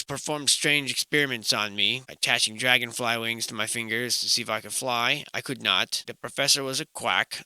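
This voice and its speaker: Young man, wry tangent-prone commentator, lively pitch, very bright smooth tone, dry close mic. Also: no room sound. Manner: wry, self-mocking, tangent-prone, animated swings in loudness. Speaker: narrator of a photo slideshow. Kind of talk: rambling comic commentary.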